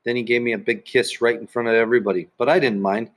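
A man narrates a children's story aloud in the first person, his voice mid-pitched and even. The reading is plain and steady, told as an audiobook. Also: fast talker.

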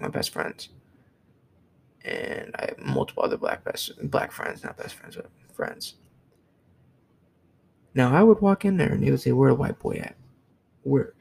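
Very gravelly young man ranting. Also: mid-range voice, slight background noise, rough recording. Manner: blunt, profane, repeats himself. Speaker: vlogger. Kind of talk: heated opinion rant.

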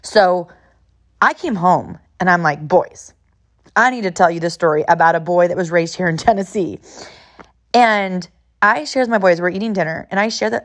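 A woman in her thirties from California, hosting a podcast and telling an emotional personal story in an earnest way, often repeating herself. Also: mid-range voice. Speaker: podcast host.

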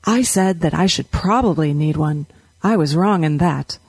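A woman's voice: sits low, normal speed, a little mellow, slightly rough, no echo, voice pushed down. A woman voicing a plump, jovial, stubborn middle-aged wheelwright with folksy, old-fashioned rural speech. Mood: genial.

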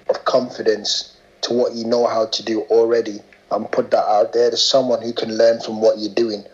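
Man, slangy sweary co-host, casual banter, muffled lo-fi sound. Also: medium pitch. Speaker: podcast co-host. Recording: dull lo-fi podcast sound.

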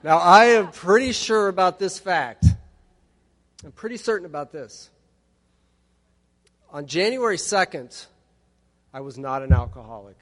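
Man in his 50s, slightly high voice, wry personal testimony with jokes, long hall reverb. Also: lively intonation, measured pace, long pauses, a bit bright. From Texas. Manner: wry storytelling with humorous asides. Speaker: recovery meeting speaker. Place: large hall at a conference.

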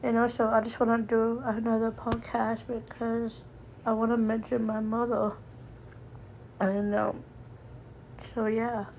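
A woman hosting her own podcast, crying as she talks, her voice breaking, halting and trailing off as she starts sentences over. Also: fairly high pitch, monotone, a little mellow, slight background noise, poor audio. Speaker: podcast host. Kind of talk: emotional personal podcast message.

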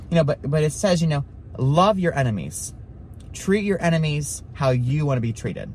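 A man preaching at a Bible study in an easygoing, rambling way. His talk is loose and full of fillers, with a faint hum of room noise behind his mid-pitched voice. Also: darkish tone. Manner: rambling, filler-heavy, with many "like" and "you know".

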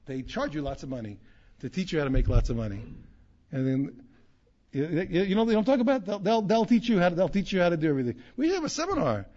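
A man, a rabbi, teaching a Torah class in an animated way, repeating phrases and restarting often. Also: high voice, fast. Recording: dull lo-fi recording.

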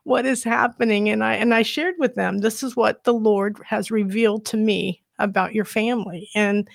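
A woman telling a personal faith story in a soft, emotional way, during a conversation. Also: medium pitch, normal speed, gravelly, no room sound, clean studio sound.

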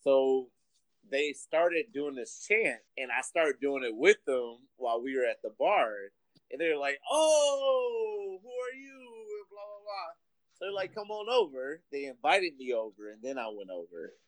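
A man's voice: mid-range voice, expressive, moderate pace, no echo. Defensive man correcting a story. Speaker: co-host. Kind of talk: casual podcast banter.

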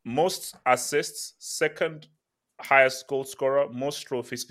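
A man's voice: mid-range voice, fairly even intonation, slow pace, fairly bright tone. A man hosting a casual football panel show, reading out viewer comments and teasing his co-hosts with sarcasm and frequent laughter. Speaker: podcast host reading chat.

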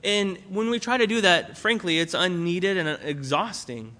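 A man's voice: high-pitched, moderate pace, pushed and bright. A young man preaching a sermon in a conversational way, with fillers and restarts as he explains a Bible passage. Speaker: pastor.

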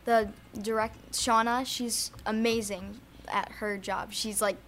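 A woman's voice: fairly high pitch, steady tone, slow, a bit bright, a little hiss or hum. A woman guest talking about her role in a play, hesitant and giggly. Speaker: guest actor in a local play. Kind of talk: casual interview.

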